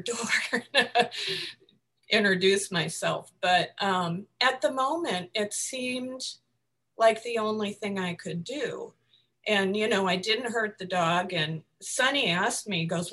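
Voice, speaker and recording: A woman telling a personal story in a group discussion, full of fillers and restarts, with soft laughs between phrases. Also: mid-range voice.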